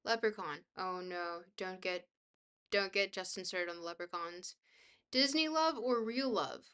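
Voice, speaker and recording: A woman's voice: on the low side, unhurried, fairly bright tone, clear, resonant tone. A young woman livestreamer chatting casually with her viewers, bubbly, goofy and self-deprecating. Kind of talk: casual chat, reading viewer messages.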